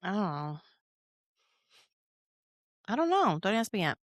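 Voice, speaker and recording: A woman's voice: medium pitch, big pitch swings, unhurried, dry recording, studio quality. A woman co-hosting a casual chat show, laughing often and poking fun at herself. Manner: laughing often, self-deprecating. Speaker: podcast co-host.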